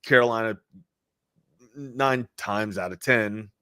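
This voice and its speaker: A man's voice: fairly low pitch, takes it slowly, pushed and bright, clear, resonant tone, no echo. Male sports co-host, casual and loose, dry close sound. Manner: loose and conversational, with frequent filler words. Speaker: sports talk show co-host. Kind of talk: casual sports chat on a live stream.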